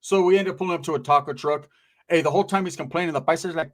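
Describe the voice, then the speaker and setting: A man telling a profane comic story about an old friend, animated and acting out the people in it. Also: a little high, racing. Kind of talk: comic anecdote.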